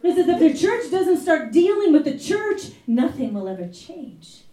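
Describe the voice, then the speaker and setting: Fervent high-voiced woman preaching. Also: sing-song, normal speed, warm tone. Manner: fervent, exhorting, rising to urgent bursts. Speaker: elder sharing at a fellowship service. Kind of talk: sermon. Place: church fellowship service. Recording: echoey room, voice from far off.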